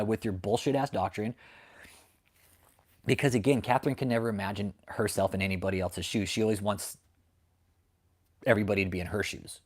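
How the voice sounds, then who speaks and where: An American host of a channel exposing cult leaders delivers an angry, profane, confrontational rant that keeps hammering the same points. His voice is lowish and a little mellow, and he's at home with dogs barking nearby.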